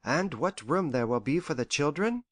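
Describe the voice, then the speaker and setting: An actor playing a gentle, anxious elderly father who frets and complains softly in an audiobook. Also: fairly high pitch, animated, normal speed, no echo, studio quality. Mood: fretful. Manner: worried, lingering, softly complaining. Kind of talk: audiobook character voice.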